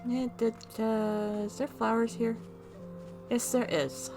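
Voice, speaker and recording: A woman's voice: fairly high pitch, level tone, slow, a little mellow, soft background music. A woman giving playful, giggly casual commentary while playing a video game. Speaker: let's play host.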